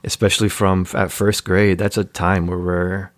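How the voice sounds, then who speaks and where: A man's voice: low-pitched, flat delivery, normal speed, no echo. A man telling casual, jokey stories as a podcast guest, in a laid-back way. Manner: laid-back, jokey, mimics voices in anecdotes. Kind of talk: casual storytelling.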